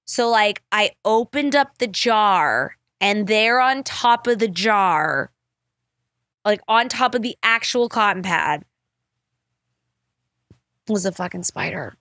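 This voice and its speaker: Woman, podcast host, casual storytelling, animated, filler-heavy, mid pitch, dry close sound. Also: takes it slowly, pauses often, no room sound. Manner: animated, full of "like" fillers and swearing.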